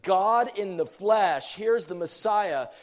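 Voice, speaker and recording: Middle-aged male preacher with a high voice, animated and questioning from the pulpit. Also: slow pace. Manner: animated, rhetorical questions, laughs often. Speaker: pastor. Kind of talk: sermon.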